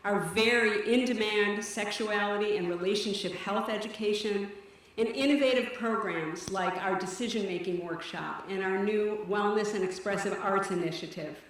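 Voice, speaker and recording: A woman directing a teen services program, giving an earnest, measured speech at a benefit event on stage. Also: mid-range voice. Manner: earnest, measured, slightly breathless delivery. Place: event stage in a large hall. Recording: echoey hall from far off.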